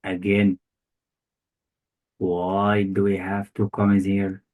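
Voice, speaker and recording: A male English test tutor with a low, monotone voice speaks slowly and a little mellowly, heard through poor audio. In a one-on-one grammar lesson he quizzes his student with short, repeated questions, using non-native phrasing.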